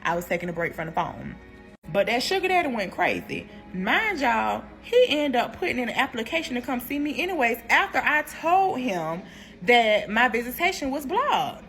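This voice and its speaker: A young woman telling a prison story in a storytime vlog, animated and slangy, laughing as she goes. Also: fairly high pitch, normal speed, soft background music.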